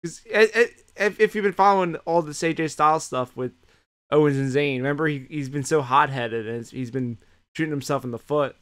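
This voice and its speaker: A man co-hosting a podcast, swearing freely in an animated, casual recap of the week. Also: fairly high pitch, brisk, clear, resonant tone. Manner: animated retelling, heavy swearing. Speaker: podcast co-host. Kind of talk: casual chat recapping wrestling.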